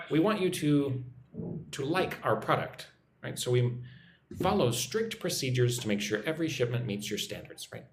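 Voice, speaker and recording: A man's voice: mid-range voice, expressive, moderate pace, echoey room, a little hiss or hum. A man from the United States teaching business English on a live stream, reading out viewer messages and tagging phrases with "right?". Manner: repeats "right?" after phrases, reads chat messages aloud. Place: room in Vietnam.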